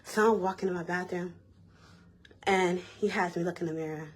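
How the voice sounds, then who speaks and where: A young woman vlogger telling a personal story in a casual, animated, slangy way. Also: fairly low pitch, normal speed. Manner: animated, repeats herself, slangy and conversational.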